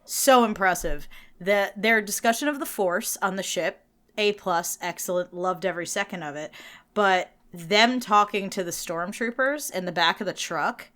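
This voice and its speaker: A woman with a New Jersey accent co-hosting a podcast in casual chat, animated and laughing, acting out little quotes. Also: medium pitch, normal speed. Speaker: podcast co-host.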